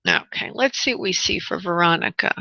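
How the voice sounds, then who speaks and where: A woman hosts a call-in radio show as a spirit medium, and her voice is bright and forceful. She feels her way through each reading with halting starts and restarts and calls her callers honey and love. The recording is dry and dull, with a lo-fi radio sound. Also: on the low side, no room sound. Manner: halting, searching, with many restarts.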